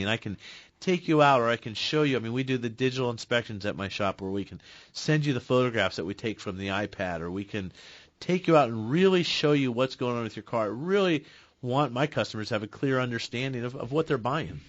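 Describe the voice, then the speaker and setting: Male radio co-host, mid-pitch, earnest explainer, dry and slightly muffled broadcast audio. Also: animated, brisk, no room sound. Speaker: radio show co-host and auto repair shop owner. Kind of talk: casual radio call-in chat. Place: radio studio.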